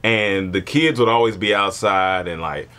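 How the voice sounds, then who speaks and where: Guy telling a funny story, kinda low voice, laughs a lot, does the voices. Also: moderate pace, bright, forceful tone, clear, resonant tone. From born in Germany, grew up partly in Panama. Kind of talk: casual comedic storytelling.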